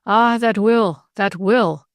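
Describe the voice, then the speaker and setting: A woman's voice: mid-range voice, takes it slowly, no room sound, studio quality. A woman voicing a genteel older male country vicar who speaks earnestly and exclaims easily. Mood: fussy.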